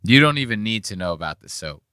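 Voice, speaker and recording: A man's voice: fairly low pitch, big pitch swings, fast, sharp tone, clear, resonant tone, dry recording, studio quality. A man hosting a podcast, chatting in a rambling, joking and profane way. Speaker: podcast host. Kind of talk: casual podcast commentary.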